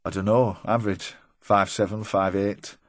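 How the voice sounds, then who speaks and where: Here the male audiobook narrator plays a jittery middle-aged van driver who rambles, tries hard to please, and cracks feeble jokes, chatty yet uneasy. The low, close voice is recorded dry without room sound, lightly acted with fairly even intonation.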